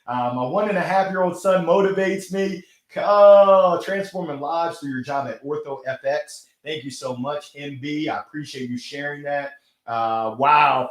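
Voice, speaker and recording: An energetic man hosts a live motivational stream and answers viewer comments. His voice sits on the higher side and he laughs often. The room around his microphone is echoey. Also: a little slow. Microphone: gold microphone.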